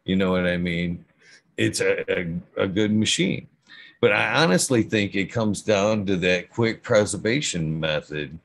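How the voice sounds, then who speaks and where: A man's voice: deep voice, expressive, unhurried, vocal fry. A middle-aged man talking casually about growing, rambling and stuttering, with frequent swearing. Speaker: cannabis grower guest. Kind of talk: casual podcast conversation.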